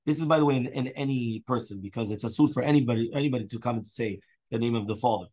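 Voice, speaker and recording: A man teaching Talmud as a rabbi, speaking quickly at an average pitch. He explains the text line by line, mixes Hebrew and Aramaic terms into his English, and stops to quiz his students. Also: darkish tone. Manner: asks students questions. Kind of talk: Daf Yomi Talmud class.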